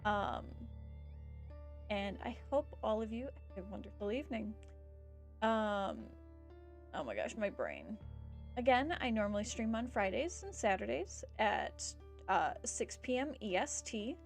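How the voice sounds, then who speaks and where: A woman's voice: medium pitch, big pitch swings, a little slow, soft background music. A woman streamer chatting casually as she signs off, rambling with fillers and a bout of hiccups. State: has the hiccups. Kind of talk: casual stream sign-off chat.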